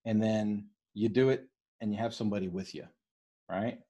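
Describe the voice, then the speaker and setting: East Coast-raised male study leader, husky voice, rapid and conversational. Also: lowish voice, warm tone. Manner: fast-talking, keeps checking in with "right?". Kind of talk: casual teaching on a leadership book.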